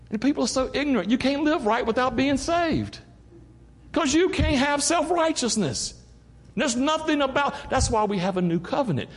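A man's voice: sits high, slightly rough. A middle-aged man with a Southern American accent preaching a sermon as pastor, in a folksy, preacherly way, calling out "Amen?" to the congregation. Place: church sanctuary. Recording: church hall with long reverb.

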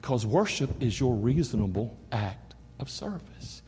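A man's voice: medium pitch, sing-song, measured pace, dark tone, slight background noise. A middle-aged man with a Southern American accent preaching a sermon as pastor, in a folksy, preacherly way, calling out "Amen?" to the congregation. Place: church sanctuary. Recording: church hall with long reverb.

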